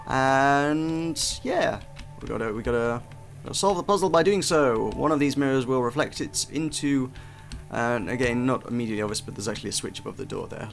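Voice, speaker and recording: A game reviewer talks through gameplay in a chatty, self-deprecating way, frequently restarting what he's saying. His voice is medium in pitch with vocal fry.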